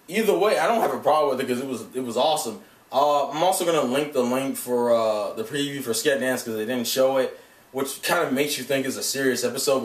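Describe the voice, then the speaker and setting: Rambling, profane young-sounding man in an echoey room. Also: mid-range voice. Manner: rambling, profane, laughs often. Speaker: anime reviewer. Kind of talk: casual vlog review. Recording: echoey room, mic at a distance.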